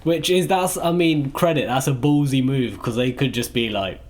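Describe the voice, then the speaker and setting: A man's voice: mid-range voice, normal speed, darkish tone. A man from the English Midlands co-hosting a podcast, chatting and giving opinions about films. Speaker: podcast co-host. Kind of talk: casual chat.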